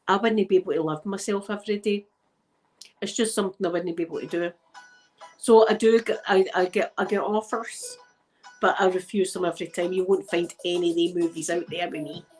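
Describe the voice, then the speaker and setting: A woman's voice: mid-range voice, rough recording. A Scottish woman who is a bit drunk, hosting a channel and chatting casually with viewers in a frank, rambling way. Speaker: ASMR channel host. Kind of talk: casual live chat with viewers.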